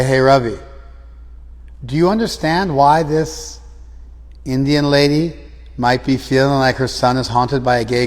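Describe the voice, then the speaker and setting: Male teacher, mid pitch, probing and repetitive in his questions, long reverb. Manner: probing, repeats and rephrases questions. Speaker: teacher of a scripture class. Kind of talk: lecture with questions to the class. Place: class room, some students joining by phone.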